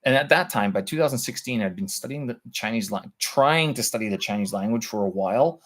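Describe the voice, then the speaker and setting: A man's voice: lowish voice, expressive, fairly quick. A middle-aged English-speaking man hosting a casual live language-practice stream, thinking aloud with many fillers and restarts as he tries Russian words. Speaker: vlog host practicing Russian.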